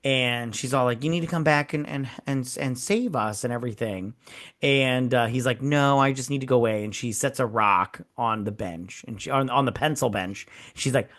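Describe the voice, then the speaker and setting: Speaking at a moderate pace in a medium-pitched, fairly bright voice, a man hosts a laid-back podcast reviewing movies. He plays out the characters' lines as he animatedly recounts scenes, laughing frequently and joking crudely.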